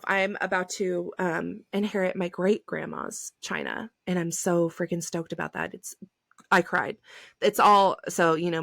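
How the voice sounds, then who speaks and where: A woman's voice: medium pitch, gravelly, dry recording, clean studio sound. Effusive chatty woman in her thirties. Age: 30s. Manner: chatty and effusive, many "like" fillers, emphatic bursts. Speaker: podcast host. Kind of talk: casual solo podcast talk.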